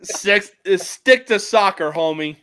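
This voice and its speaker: A man trading jokes on a sports podcast, with a high, bright voice and an unhurried, drawn-out delivery. His pitch swings widely as he laughs along. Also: expressive. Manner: joking, laughs often. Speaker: podcast co-host. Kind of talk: casual sports chat.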